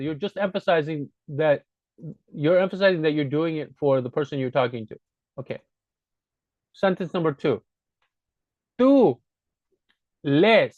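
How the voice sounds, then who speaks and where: A man's voice: fairly high pitch, expressive, measured pace, pauses often, no room sound. A man giving a casual spoken grammar lesson as a language teacher, patiently repeating his points to drive them home. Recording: dull, dry lo-fi recording.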